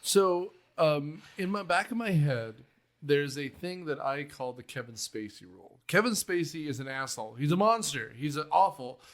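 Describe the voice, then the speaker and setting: Man, high-pitched, podcast host, casual movie chat, jokey, profane. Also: expressive. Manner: joking, rapid asides, swears casually.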